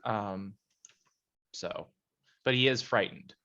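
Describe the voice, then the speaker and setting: A man playing a tabletop game, narrating his character's turn slowly with hesitations. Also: on the low side, sharp tone, highs cut off. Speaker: player. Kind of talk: casual tabletop play.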